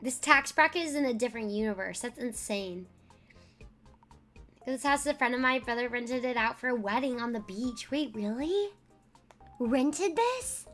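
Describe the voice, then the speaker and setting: A woman's voice: a little high, animated, moderate pace, a bit bright, soft background music. A young woman streamer chatting and joking as she reacts live, with frequent fillers.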